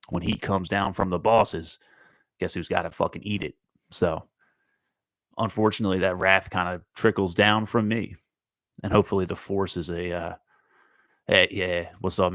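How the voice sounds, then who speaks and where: A man's voice: sits low, fairly bright tone, dry recording, low-quality recording. A man hosting his own morning talk show, chatting casually and bluntly with plenty of swearing while out on a walk, and talking straight to his viewers. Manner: blunt, heavy swearing, talks to live chat viewers. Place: outdoors, walking.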